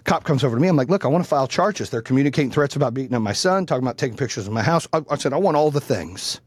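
A man's voice: mid-range voice, lively intonation, rapid-fire, breathy edge, no echo, studio quality. A man telling a heated personal story in casual chat, blunt and profane.

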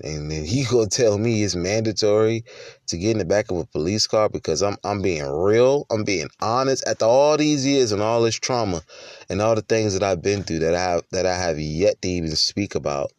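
A man's voice: on the low side, moderate pace, a little mellow, no echo. A man, a husband and father, telling a candid personal story in a conversational way, with frequent restarts.

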